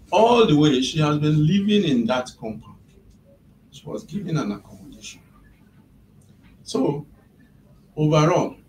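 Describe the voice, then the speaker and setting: A man's voice: fairly high pitch, darkish tone, slight background noise. Man heard from across an echoey office. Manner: measured, step-by-step retelling. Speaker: employer's representative. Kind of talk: recounting events in a mediation session. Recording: echoey room from a distant mic.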